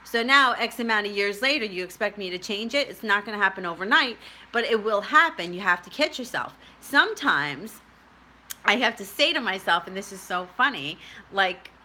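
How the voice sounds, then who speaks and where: A woman's voice: mid-range voice, animated, normal speed, sharp tone. A middle-aged woman telling a personal story to camera in a chatty, rambling way, often laughing at herself. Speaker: tarot reader and spiritual vlogger.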